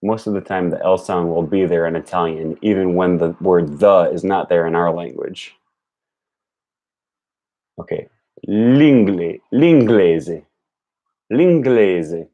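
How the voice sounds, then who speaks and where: A young man thinking aloud on a live stream, slowly repeating words as he practises them. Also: sits low, steady tone, highs cut off. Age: young adult. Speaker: language learner streaming. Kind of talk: casual live-stream commentary.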